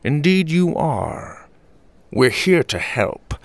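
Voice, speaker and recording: A man voicing a wise older grandfather in a storybook reading, speaking slowly and deliberately. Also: fairly high pitch, big pitch swings, vocal fry, no echo, pitched above the performer's own voice, full character voice. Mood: grave. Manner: slow, deliberate speech.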